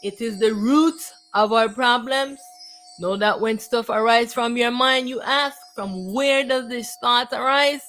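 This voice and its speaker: Preachy woman, fairly high voice. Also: a little slow, a bit bright, soft background music, low-quality recording. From Jamaica. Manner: preachy, repetitive, declamatory. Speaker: spiritual teacher. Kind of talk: spiritual monologue.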